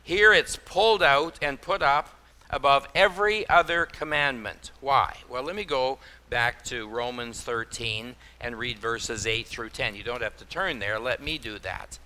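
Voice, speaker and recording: A man preaching a sermon in a bright, forward voice. He talks in a folksy way, tossing in homespun exclamations and acting out little stories for his congregation. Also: medium pitch, a little slow. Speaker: pastor.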